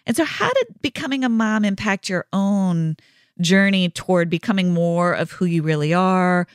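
A woman's voice: on the low side, lively intonation, moderate pace, clear, resonant tone, no echo, clean studio sound. A woman hosting a podcast, asking reflective questions in an affirming conversational way. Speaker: podcast host. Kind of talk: conversational interview.

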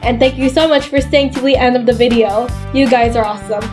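A woman hosting a gaming channel, playing and reacting to a game, excitable, squealing and laughing when scared and reading on-screen text aloud. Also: on the high side, fairly quick. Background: faint background music.

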